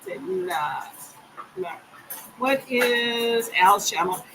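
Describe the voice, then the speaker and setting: Near her kitchen at home, a livestream reading-sprint host chats with viewers, reading out their comments and replying folksily, addressing them as y'all. Her medium-pitched voice is expressive with drawn-out words, and there's background noise. She sounds stuffy and briefly coughs.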